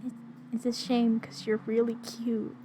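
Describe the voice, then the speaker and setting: A woman's voice: on the high side, monotone, a little slow, warm tone, a little hiss or hum. A young woman streamer reading a visual novel's text aloud and dropping casual asides between the lines. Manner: reads game dialogue aloud, breaking off for offhand asides. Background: game music.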